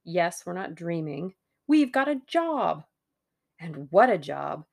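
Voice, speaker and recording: A woman reading a brisk young man. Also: on the low side, sing-song, vocal fry, heavily acted. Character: cheerful, steady young man.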